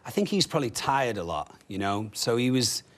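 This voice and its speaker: A man's voice: mid-range voice, sing-song, a little fast. A man from England, an actor chatting as a guest, rambling with lots of you know and like. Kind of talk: casual chat.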